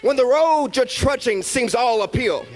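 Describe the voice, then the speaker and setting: A man giving a baccalaureate address as a motivational speaker, with a rhythmic, preacher-like cadence, dramatic pauses and emphatic repetition that builds in intensity. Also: very high-pitched, animated.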